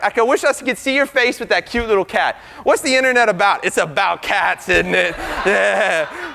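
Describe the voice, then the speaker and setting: A computer science professor giving an animated debate speech, firing rhetorical questions at the crowd. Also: male voice, high voice. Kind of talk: lively debate speech to an audience. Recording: reverberant hall.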